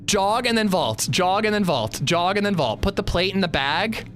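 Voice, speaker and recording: Jittery, anxious streamer man, lively voice. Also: sits high, normal speed. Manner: anxious, jittery, talking himself through it. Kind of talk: live gameplay commentary.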